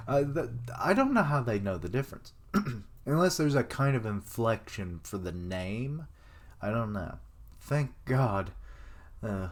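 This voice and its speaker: A man reading a manga chapter aloud on a live stream, chatting and thinking out loud as he goes. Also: medium pitch, lively intonation, measured pace.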